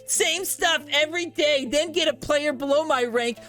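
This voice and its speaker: A man putting on a high whiny gamer voice. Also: normal speed, sharp tone, faint music behind. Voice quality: annoying, nasal whine. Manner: high strained complaining read. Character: whiny nasal male gamer complaining.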